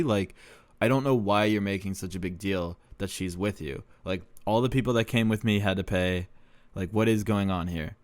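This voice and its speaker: A young man with a low voice tells a casual podcast story. He rambles, swears freely and laughs at himself, recorded dry and close with no room sound. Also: no room sound. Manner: rambling, profane, self-deprecating, laughs often. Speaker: podcast host.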